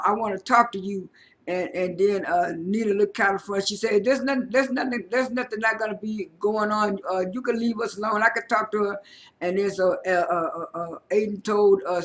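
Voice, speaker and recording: A man casually recaps a reality show episode in a voice that sits high and a bit bright. He talks haltingly, with many fillers and repeated words.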